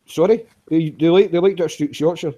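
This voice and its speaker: A man's voice: on the high side, normal speed, warm tone, rough recording. A man bantering and swearing in a casual group video chat, often stumbling and restarting his sentences. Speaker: chat participant.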